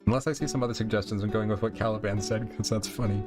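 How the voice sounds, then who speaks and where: A man's voice: lowish voice, fairly even intonation, rapid-fire, hardly any pauses, darkish tone, faint music behind. A man reading out an AI text adventure and joking about it in an offhand, casual way. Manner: joking, offhand, laughs often. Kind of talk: casual narration and commentary.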